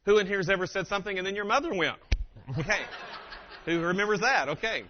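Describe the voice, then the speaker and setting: A man giving a humorous motivational keynote, telling stories with animated delivery and acting out quotes, on a dull lo-fi recording. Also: sits high, fast, a little hiss or hum. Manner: animated, acts out quotes and impressions.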